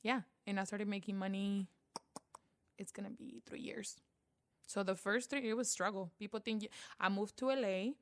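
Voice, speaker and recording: Lively woman with a Spanish accent. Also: mid-range voice, normal speed, gravelly. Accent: Panamanian Spanish. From Panama. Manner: animated storyteller, acts out quoted voices. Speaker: guest, beauty vlogger. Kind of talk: casual interview.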